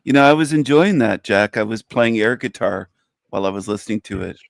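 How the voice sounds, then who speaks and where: Man, gravelly, dry close sound, teasing banter, laughs a lot. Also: fairly low pitch, expressive, fairly quick, dry recording. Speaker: regular panelist. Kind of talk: casual teasing chat.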